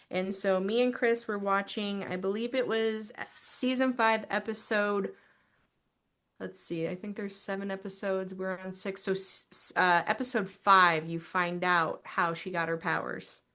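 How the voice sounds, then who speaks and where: Woman, podcast co-host, casual chat, slow delivery, hesitant, pausing and restarting. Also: medium pitch, fairly even intonation, bright, forceful tone. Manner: hesitant, with frequent pauses and restarts while explaining. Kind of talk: casual chat recapping a TV show.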